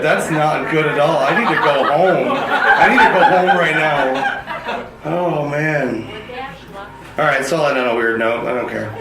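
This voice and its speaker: A man's voice: fairly high pitch, a bit bright. A man performing a crude, self-deprecating stand-up set on a club stage into a handheld mic. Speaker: stand-up comedian. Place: comedy club stage before a live audience. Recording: echoey club with audience laughter.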